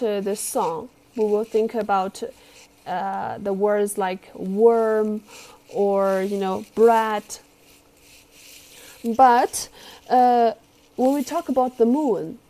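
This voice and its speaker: A woman with a Chinese accent teaching a class, speaking slowly and patiently as she models tones and has students repeat after her. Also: a little high, dark tone. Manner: slow, patient, careful tone modelling.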